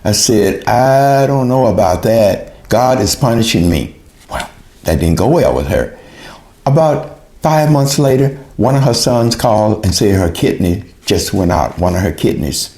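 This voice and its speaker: A man's voice: medium pitch, lively intonation, measured pace, warm tone. A man giving an earnest, emotional personal testimony, retelling his own pleas to God in quoted speech. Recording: roomy echo.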